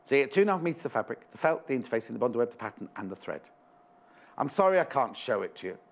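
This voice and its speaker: A man's voice: mid-range voice, sing-song, very fast, gravelly. A man presenting a live shopping show in a studio, chatty and rambling with jokey asides.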